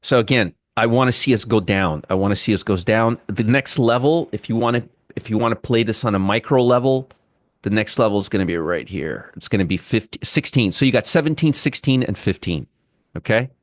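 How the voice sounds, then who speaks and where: A man's voice: lowish voice, fairly quick, no room sound, clean studio sound. Emphatic man talking through market charts. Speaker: market commentary host. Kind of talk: casual trading analysis monologue.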